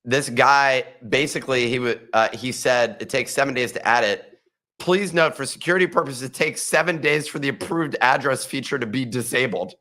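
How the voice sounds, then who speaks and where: A man's voice: mid-range voice, normal speed, sharp tone. A man co-hosting a casual podcast, venting in an exasperated way as he tells a story. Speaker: podcast co-host.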